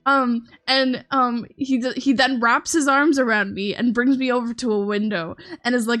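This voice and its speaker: A woman streamer chatting casually with her viewers in a slightly high voice. She rambles and restarts her sentences, filling every gap with "um"s and breaking into laughter often. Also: steady tone, normal speed, hardly any pauses, a bit bright. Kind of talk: casual storytelling chat.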